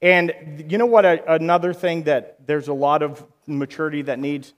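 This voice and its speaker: A man preaching a sermon in an animated way, acting out quoted voices and rising to loud bursts. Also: a little high, moderate pace, long reverb tail.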